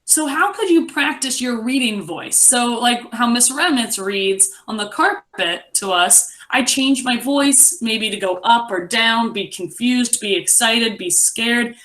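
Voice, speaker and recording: Young woman teacher reading a story to kids, bit high voice, lively and encouraging. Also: measured pace, hardly any pauses. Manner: encouraging, expressive read-aloud. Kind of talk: online class reading lesson.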